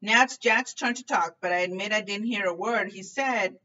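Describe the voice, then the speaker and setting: Bright-voiced woman reading aloud. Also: mid-range voice, moderate pace. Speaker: book reader. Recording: distant dull lo-fi recording, faint noise.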